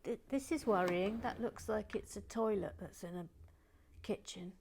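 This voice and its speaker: A woman hosting a building video, chatting casually and self-deprecatingly, slipping between whispers and soft talk. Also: medium pitch, moderate pace, gravelly, slight background noise. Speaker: host of a building channel. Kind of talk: casual chat while building, partly whispered.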